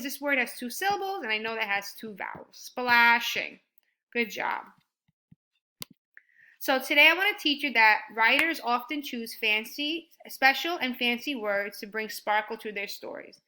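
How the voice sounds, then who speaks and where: A woman teaching a first grade writing lesson, sounding out words slowly and praising her students. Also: on the high side. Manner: slow and deliberate, sounding out words; encouraging, animated when praising.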